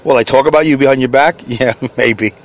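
A man's voice: mid-range voice, fairly quick. A middle-aged man hosting a solo podcast from inside his vehicle, rambling, chuckling at himself and answering his own questions. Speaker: podcast host.

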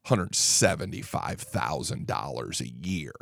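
A man's voice: rumbling low, lively intonation, measured pace, creaky, a bit bright, dry recording, studio quality. A man hosting a political talk show who rants angrily and combatively. He swears freely and repeats words when worked up. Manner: angry, combative, swears a lot.

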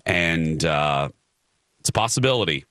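A man's voice: a bass voice, animated, measured pace, sharp tone. A man co-hosting a radio talk show, chatting casually and laughing often.

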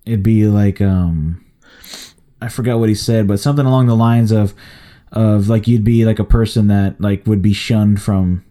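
Mellow-voiced young man rambling casually. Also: fairly low pitch, fairly even intonation, moderate pace. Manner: rambling, filler-heavy storytelling. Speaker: podcast co-host. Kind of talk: casual chat.

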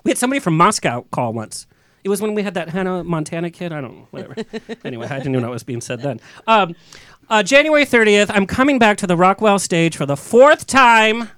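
A man hosting a podcast, telling stories in a casual, animated way and laughing often. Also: high-pitched, quick pace, smooth, no echo. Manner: chatty, laughing, animated storyteller. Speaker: podcast host. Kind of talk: casual chat.

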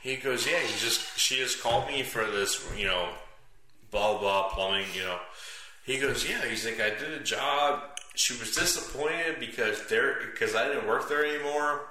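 A man's voice: mid-range voice, normal speed, pushed and bright. A young man telling stories as a podcast guest in drunk chat, rambling with lots of fillers. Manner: rambling, laughing, filler-heavy. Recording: echoey room with faint noise.

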